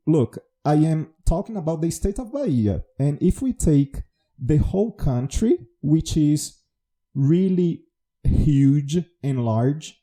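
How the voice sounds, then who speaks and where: A native Portuguese speaker from Brazil with a Baiano accent, this man has a mid-range, mellow voice. He's an English teacher hosting a solo educational podcast, explaining things in a teacherly way.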